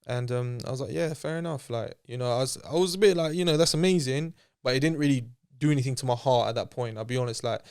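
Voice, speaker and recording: A man with a clean, resonant voice tells his story at a quick clip. He talks casually and loosely with plenty of slang, and slips into lively impressions of the people he quotes. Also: medium pitch, clean tone. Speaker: interview guest.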